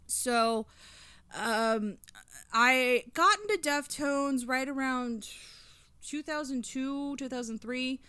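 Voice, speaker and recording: A chatty woman in her thirties tells a music story with lots of fillers and plenty of enthusiasm. Her voice is bright and crisp. It sounds dry and close, with no room around it. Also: sits high, slow, no echo. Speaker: podcast co-host reviewing an album. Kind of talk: casual podcast chat.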